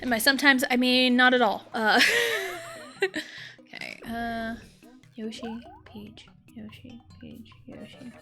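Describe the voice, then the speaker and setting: Speaking slowly and pausing often, a young woman with a high, bright, forceful voice swings widely in pitch. She's streaming a video game and chatting casually, giggling and joking about herself while faint game music plays.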